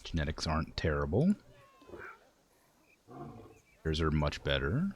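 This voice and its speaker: Low-voiced rambling male streamer. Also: wildly swooping pitch, brisk, slight background noise. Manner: rambling, talks to the animals, many "like" fillers; tired, yawning. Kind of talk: casual game commentary.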